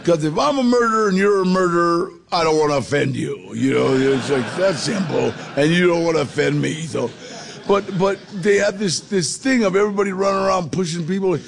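A middle-aged man with a gravelly voice telling his life story in a street-casual, gritty way. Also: high voice, brisk. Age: 40s or older. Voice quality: gravelly, husky. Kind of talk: storytelling testimony.

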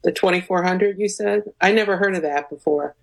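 A woman guest on a radio show, speaking calmly and earnestly with hesitant fillers. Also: on the low side, brisk, creaky, low-quality recording. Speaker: guest researcher. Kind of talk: radio interview.

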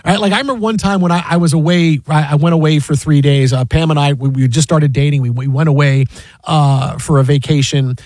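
A man's voice: a little high, fairly even intonation, fairly quick, a little mellow, no echo. A man co-hosting a sports show, telling stories casually with many restarts and acted quotes. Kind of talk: casual storytelling.

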